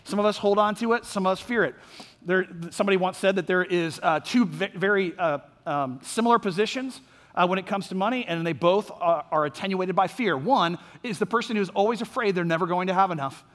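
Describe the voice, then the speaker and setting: High-voiced pastor in a reverberant church. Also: male voice, a little fast, fairly bright tone. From Orlando, Florida, USA. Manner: conversational, with frequent fillers and "right?" check-ins. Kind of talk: sermon. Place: church sanctuary.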